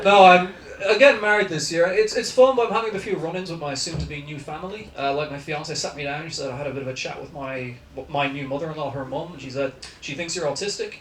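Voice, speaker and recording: A man's voice: fairly high pitch, fairly bright tone. A young man with a posh South Dublin accent doing dry, self-mocking stand-up and crowd work in a comedy club. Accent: South Dublin Irish. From South County Dublin, Ireland. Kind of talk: stand-up set. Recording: echoey club from far off, noisy. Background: audience laughter.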